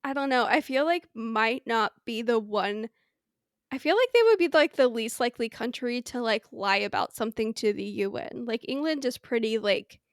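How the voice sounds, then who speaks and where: A woman's voice: fairly high pitch, expressive, normal speed, clean tone, no echo, studio quality. A woman co-hosting a podcast in casual chat, rambling with many "like" fillers and rhetorical questions. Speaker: podcast co-host.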